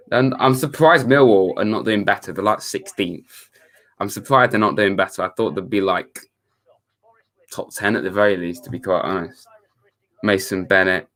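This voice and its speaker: Chatty young man, lowish voice. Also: fairly bright tone. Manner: chatty, reads chat messages aloud, laid-back. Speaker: live streamer. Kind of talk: casual live-stream chat.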